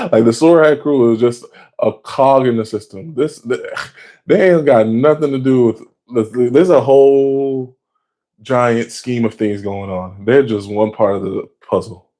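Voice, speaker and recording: A man casually recapping anime episodes in a slangy, excitable way, swearing freely and jumping up in pitch when he gets worked up. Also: measured pace. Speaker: anime reaction vlogger.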